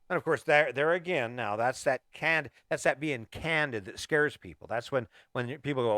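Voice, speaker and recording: A man's voice: medium pitch, normal speed, few pauses, bright, forceful tone, no room sound, studio quality. A middle-aged man hosting a motivational podcast, talking emphatically and firing off repeated rhetorical questions. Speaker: podcast host.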